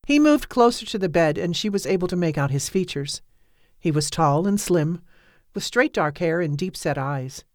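Brief: woman audiobook narrator, low even read, dead-dry studio sound. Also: dry recording. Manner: measured, even storytelling.

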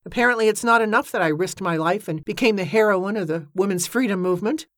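A woman's voice: medium pitch, fast talker, no echo, studio quality, lightly acted. A woman voicing an earnest, pleading young woman. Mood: defensive.

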